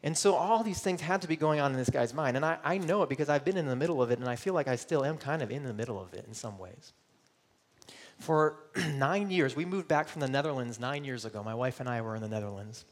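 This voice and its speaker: A man's voice: mid-range voice, animated, fast talker. A middle-aged man from Michigan preaching a sermon, earnest and personal, voicing searching questions and at times close to tears. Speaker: pastor.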